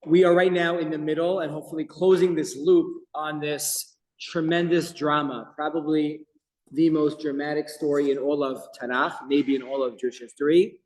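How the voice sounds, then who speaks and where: A man teaching a Torah class as a rabbi, telling the story with lively emphasis and quoting Hebrew verses. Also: on the high side, moderate pace. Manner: animated storytelling with Hebrew quotes. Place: office. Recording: echoey room with long reverb.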